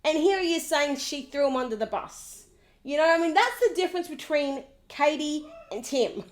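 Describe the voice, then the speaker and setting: A woman recapping a reality TV episode in an animated, sarcastic, gossipy way, often mimicking the people she talks about. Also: sits high, normal speed.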